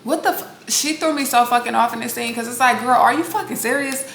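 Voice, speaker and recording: A woman's voice: on the high side, fast talker, creaky, a bit bright. Blunt, sassy woman in an echoey room. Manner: blunt, sassy, profane, talks straight to viewers. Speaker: reality TV recap host. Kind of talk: casual opinionated recap. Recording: echoey room with faint noise.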